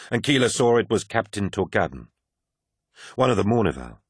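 A man narrating a science-fiction audiobook in a steady, measured way. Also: low-pitched, husky, no echo, clean studio sound. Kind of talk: scripted narration.

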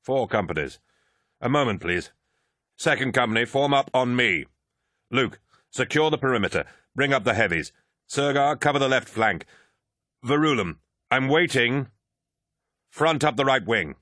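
A man's voice: fairly low pitch, sing-song, normal speed, fairly bright tone, husky, no room sound, clean studio sound, full character voice. A man voicing an insolent, mocking warrior captain who barks orders. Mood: commanding.

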